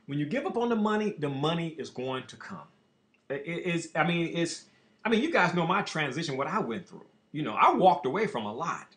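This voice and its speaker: A man's voice: fairly high pitch, fairly bright tone. A man hosting a show who rants in a brash, boastful and profane monologue. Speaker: show host. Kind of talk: ranting monologue. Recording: echoey room.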